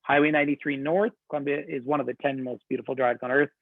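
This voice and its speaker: A man's voice: mid-range voice, steady tone, fast talker, vocal fry, dry recording. A man working as a tour director, giving an enthusiastic, chatty webinar presentation. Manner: chatty, enthusiastic storytelling with laughs. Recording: tinny phone-like line, dry.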